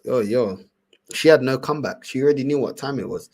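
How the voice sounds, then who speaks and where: A man's voice: mid-range voice, moderate pace, darkish tone, husky. A young man with a London accent hosting a casual livestream, reacting with laughter and repeated slang-heavy banter. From England. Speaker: livestream host.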